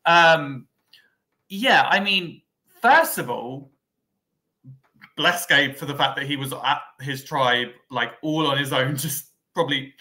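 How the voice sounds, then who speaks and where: A man's voice: on the high side, slow pace, bright, forceful tone. A man co-hosting a podcast, thinking aloud in casual conversational chat. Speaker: podcast co-host.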